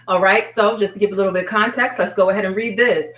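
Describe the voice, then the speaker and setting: A woman's voice: mid-range voice, fairly even intonation, quick pace, a bit bright, echoey room, recorded from a distance, poor audio. A woman hosting a live stream, chatting casually and talking straight to her viewers in a slangy, familiar way.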